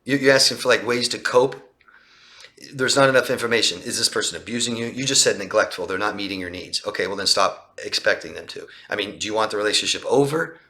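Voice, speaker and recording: Emphatic man coaching in a bright voice. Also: on the low side, fast talker. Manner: emphatic, rhetorical questions, acts out quoted lines in a raised voice. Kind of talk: live Q&A coaching talk.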